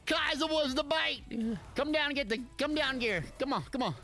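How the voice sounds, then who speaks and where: A young man streaming a player-versus-player online game, chatting with viewers and shouting excitedly during fights. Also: very high voice, moderate pace, gravelly, soft background music. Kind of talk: live gameplay commentary.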